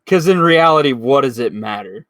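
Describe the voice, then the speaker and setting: A man's voice: mid-range voice, expressive, normal speed, a bit bright, no room sound. Dry, teasing young man. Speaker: podcast co-host. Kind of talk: casual chat.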